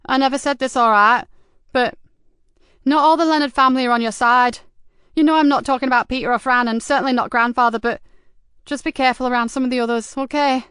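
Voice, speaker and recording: A woman's voice: sits high, steady tone, fast talker, a bit bright, clear, resonant tone, no room sound, studio quality, voice pushed up. A woman voicing a cheeky, streetwise teenage boy who talks in eager, slangy bursts. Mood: worried.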